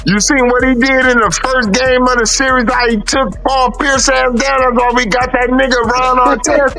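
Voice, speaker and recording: A man co-hosting a podcast in casual sports chat, loud and animated, telling stories with shouted impressions and profanity. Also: very high-pitched, moderate pace, vocal fry, faint music behind. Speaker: podcast co-host.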